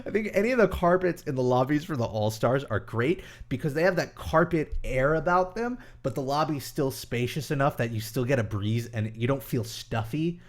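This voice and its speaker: A young man hosting a casual live stream, reading viewer questions aloud and answering in a rambling, chatty way with many pauses and fillers. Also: medium pitch, animated.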